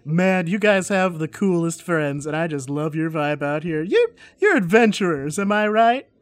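A fawning, self-promoting wizard-chronicler who talks in rambling bursts and swings his voice high and low , as a game master puts him on. He sounds eager and a touch vain, always angling for something. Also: lively intonation, normal speed, no echo, close to an everyday voice. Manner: gushing, rambling, full of fillers. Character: chatty flattering male celebrity wizard author.

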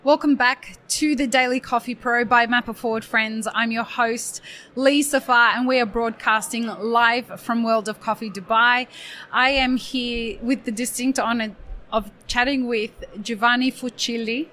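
A woman hosting a podcast live at an expo, friendly and quick to laugh. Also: a little high, steady tone, sharp tone, faint music behind. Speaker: podcast host. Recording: faint ambience at a live expo.

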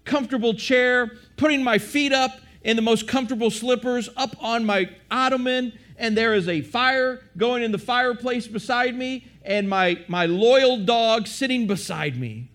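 A man playing a contented American man, listing comforts in a slow, dreamy way, as a joke in a sermon. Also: very high-pitched, fairly bright tone.

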